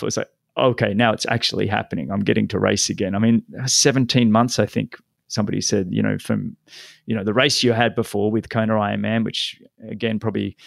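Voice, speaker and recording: Gravelly-voiced male podcast host. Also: fairly low pitch, dry recording, studio quality. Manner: conversational, leading questions. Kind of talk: interview hosting with ad reads.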